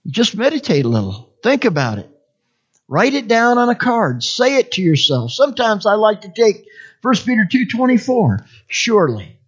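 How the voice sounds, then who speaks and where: A preacher delivering a sermon, repeating scripture phrase by phrase and swinging from hushed whispers to loud cries. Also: mid-range voice, big pitch swings, normal speed, husky, highs cut off. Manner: dramatic swings between whispers and shouts.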